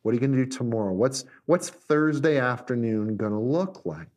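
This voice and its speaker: A man preaching a sermon, animated, shifting between emphatic lines and hushed ones. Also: medium pitch, brisk. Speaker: pastor. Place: recorded for viewers at home.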